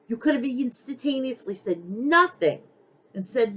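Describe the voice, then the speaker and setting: A woman's voice: a little high, lively intonation, normal speed, fairly bright tone, poor audio. Heated, swearing woman podcast host. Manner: blunt, heated, heavy swearing. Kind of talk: wrestling opinion rant.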